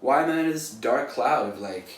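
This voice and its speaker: A man's voice: medium pitch, animated, fairly quick. Rambling man in an echoey room. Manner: rambling, loose, full of "like" and "you know". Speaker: painter. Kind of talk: casual motivational talk. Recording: echoey room, distant mic, faint noise.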